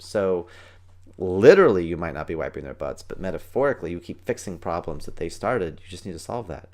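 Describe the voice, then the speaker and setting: A man hosting a parenting podcast as a martial arts teacher, talking fast and excitedly and acting out what kids and parents say. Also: low voice. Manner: fast, excited, acts out kids' and parents' voices. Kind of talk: energetic solo podcast talk.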